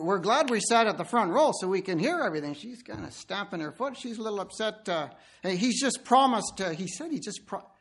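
A man's voice: sits high, husky. A man preaching a sermon, telling stories and speaking directly to his listeners. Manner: animated storytelling, addresses listeners directly.

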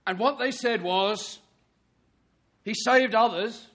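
High, bright-voiced male preacher. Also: takes it slowly. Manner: earnest, emphatic preaching with rhetorical questions. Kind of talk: sermon.

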